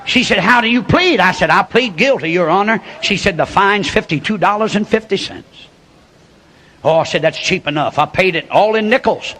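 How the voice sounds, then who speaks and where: An older man preaching a sermon as a folksy storyteller, building to shouts. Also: high-pitched, lively intonation, normal speed.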